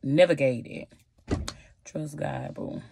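A woman's voice: low voice, takes it slowly, creaky, warm tone, a little hiss or hum. Chatty sassy woman in her twenties. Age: 20s. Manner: chatty, sassy, talks straight to viewers with slang. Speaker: vlogger. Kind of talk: casual advice vlog.

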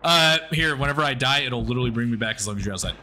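A man's voice: mid-range voice, very fast, noisy background. A man chatting casually while gaming on a live stream, telling a rambling story, laughing often and swearing freely. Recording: loud gunfire from a game behind the voice. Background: game gunfire and ambience.

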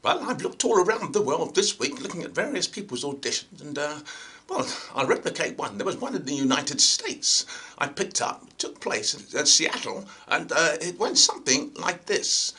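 A man's voice: a little high, sing-song, normal speed, sharp tone. A male actor with a received pronunciation accent, hosting his channel with a chatty, theatrical comic monologue. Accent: British received pronunciation.

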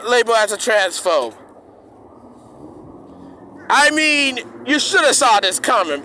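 A man's voice: extremely high pitch, animated, takes it slowly, pauses often, pushed and bright, a little hiss or hum. A man delivering a heated, profane rant to his viewers, repeating himself and restarting his sentences often. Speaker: streamer ranting to his audience.

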